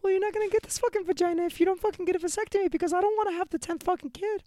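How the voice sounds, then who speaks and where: A man voicing a nagging, bossy wife who swears and threatens in a high put-on voice. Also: steady tone, very fast, dark tone, dry recording.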